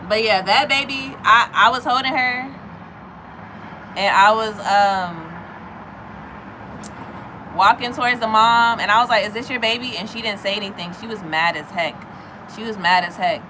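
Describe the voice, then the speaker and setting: A woman in her thirties chatting casually with viewers, telling a story in an animated way. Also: a little slow, pauses often, noisy background. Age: 30s. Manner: animated, acts out other people's lines in a high voice.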